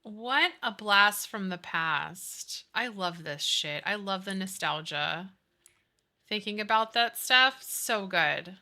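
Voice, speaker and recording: A woman's voice: medium pitch, animated, takes it slowly, pushed and bright. A woman in her thirties chatting casually and animatedly with her live chat, giggling and gushing as she talks. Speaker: streamer.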